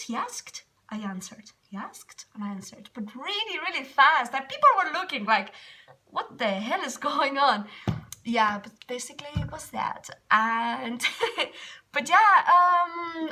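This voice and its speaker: A young Spanish woman, an English teacher, telling a story in a casual vlog with a Spanish accent, animated, laughing often and repeating words for emphasis. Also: high-pitched. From Spain.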